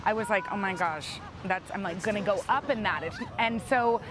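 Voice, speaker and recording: A woman's voice: mid-range voice, moderate pace, over music. A woman in her thirties co-hosting a morning TV show, telling her story eagerly and laughing often. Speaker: co-host.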